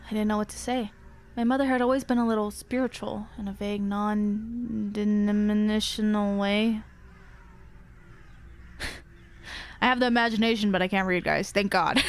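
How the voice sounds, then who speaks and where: A woman's voice: medium pitch, steady tone, measured pace, long pauses. A woman streamer reading horror stories aloud from her bedroom. She swears a lot, gets jumpy, and shrieks when she is scared. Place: home bedroom.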